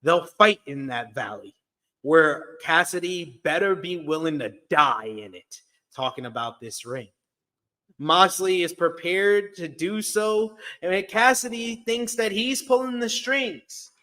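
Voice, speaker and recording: A man's voice: sits high, expressive, takes it slowly, pushed and bright. A man co-hosting a wrestling review show, reading a blunt, wry recap of the episode.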